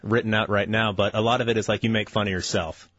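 A man chats as a guest on a radio show in a dry, matter-of-fact way. He talks fast in a husky, fairly low voice. The audio is dry and a little dull. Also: steady tone, a bit bright, no room sound. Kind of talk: casual radio chat.

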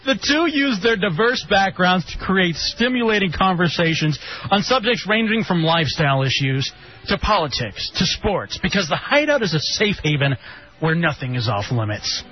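Reading a promo sheet about the show with heavy sarcasm, this high-pitched male co-host mocks it animatedly at a moderate pace. The casual radio banter comes through a lo-fi broadcast with faint music underneath.

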